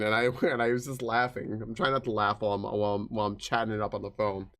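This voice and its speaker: A man's voice: fairly low pitch, level tone, quick pace, few pauses, a bit bright. A man streaming live, chatting casually and greeting viewers by name, with frequent swearing. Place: home streaming room.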